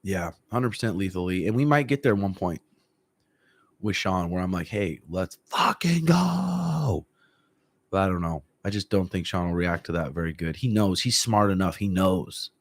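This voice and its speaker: A man with a lowish voice chats loosely on a livestream from a room at home, reading out viewer comments and answering them. He talks calmly and swears freely, and he keeps clearing his throat. The sound is close and dry, with no room echo. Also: fairly quick. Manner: relaxed, profane, frequent throat clearing. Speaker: MMA coach.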